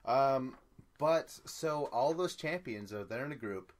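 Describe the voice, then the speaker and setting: A man's voice: medium pitch, animated, measured pace. A man co-hosting a podcast, chatting casually about a reality show, rambling, repeating himself and cursing. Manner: loose and rambling, repeats words, curses. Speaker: podcast co-host. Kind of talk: casual reality-TV recap chat.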